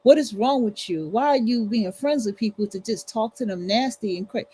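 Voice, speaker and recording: A woman's voice: on the high side, animated, moderate pace, few pauses, dark tone, slightly rough, low-quality recording. A woman hosting a livestream, ranting bluntly and profanely in casual commentary, with features. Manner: blunt, profane, emphatic repetition. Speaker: livestream host.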